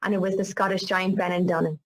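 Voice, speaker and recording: A middle-aged Northern Irish woman presenting travel experiences, a lively, chatty storyteller. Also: mid-range voice, fast, low-quality recording. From Northern Ireland.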